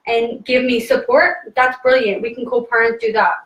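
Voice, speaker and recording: A woman's voice: a little high, little pitch movement, normal speed, fairly bright tone. Frank young Irish woman, echoey room. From Ireland. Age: young adult. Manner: frank, blunt, acts out quoted lines. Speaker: panelist. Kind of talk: casual panel discussion.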